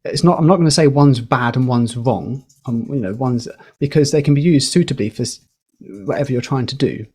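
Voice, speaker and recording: Man, mid-pitched, podcast guest, emphatic teacherly explainer. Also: a little fast, breathy edge. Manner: lively, emphatic, teacherly, with fillers. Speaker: podcast guest, communication educator. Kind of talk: explaining, casual podcast chat.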